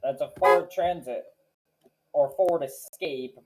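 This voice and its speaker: A man hosting a reaction video, naming car models one by one in a slow, matter-of-fact way. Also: fairly high pitch, over loud music, rough recording. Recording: clear background noise with clicks.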